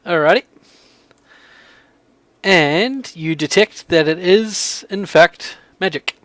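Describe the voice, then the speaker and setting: A man's voice: high voice, slow pace, a bit bright, no room sound. A man narrating a tabletop game as game master, rambling with lots of fillers.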